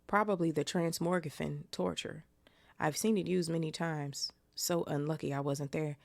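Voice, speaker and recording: A woman's voice: deep voice, steady tone, moderate pace, vocal fry, darkish tone, no room sound. Woman reading as a boastful eager wizard teacher.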